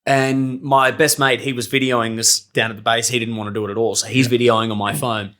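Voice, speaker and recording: A man's voice: medium pitch, steady tone, quick pace, sharp tone. A young man telling stories casually on a podcast, swearing freely, laughing often and acting out what people said. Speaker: podcast guest, circus performer. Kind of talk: casual storytelling chat.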